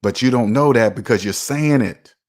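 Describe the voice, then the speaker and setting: A man's voice: mid-range voice, moderate pace, a little mellow. A man giving a casual motivational monologue as a personal finance vlogger, repeating points for emphasis and speaking straight to his viewers. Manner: emphatic, repeats himself for effect; preachy, talks straight to viewers.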